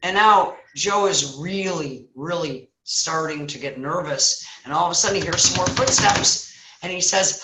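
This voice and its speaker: A woman's voice: on the low side, normal speed, very noisy. A woman, a guest speaker, telling a story in casual chat and acting out voices. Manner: animated, acts out voices. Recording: echoey room.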